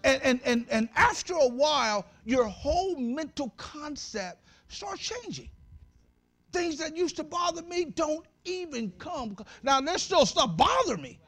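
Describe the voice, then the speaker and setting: An unhurried male pastor with a very high, sharply varying voice gives an animated sermon. Jokes and shouted peaks alternate as he talks directly and warmly to his congregation, keeping the loose feel of a conversational church message.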